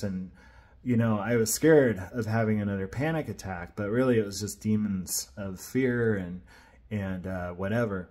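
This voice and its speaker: A man's voice: lowish voice, normal speed, a little mellow. A man sharing an earnest personal faith testimony, retelling events in a casual, rambling way.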